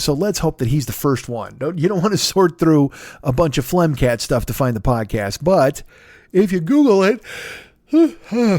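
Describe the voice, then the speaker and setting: A tired man in his forties hosting a comedy podcast, rambling through shout-outs with yawns, swearing and self-mockery. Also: mid-range voice, dry recording, studio quality. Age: 40s. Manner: rambling, profane, self-mocking, sleepy. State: tired and yawning. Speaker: podcast host. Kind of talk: solo comedy podcast plug segment.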